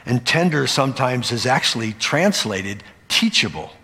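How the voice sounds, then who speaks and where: A man speaking in a sermon dialogue, calm and measured as he teaches. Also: mid-range voice, long reverb tail.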